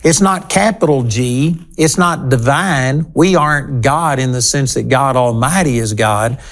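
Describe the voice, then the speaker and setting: A man's voice: mid-range voice, measured pace. Guy doing a tv bible teaching, emphatic, talks right at you, medium voice. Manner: emphatic, talking straight to listeners. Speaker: Bible teacher hosting a broadcast program.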